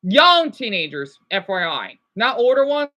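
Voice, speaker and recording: Man in his thirties, high voice, very animated pitch, rambling agitated rant, frequent swearing and apologies. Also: measured pace. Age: 30s. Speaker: vlogger. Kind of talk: ranting commentary vlog.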